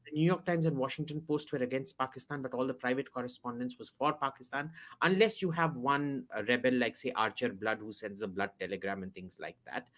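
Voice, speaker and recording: A man's voice: mid-range voice, fairly quick, hardly any pauses, a bit bright. A man appearing as a podcast guest, giving blunt, opinionated commentary and repeating words for emphasis.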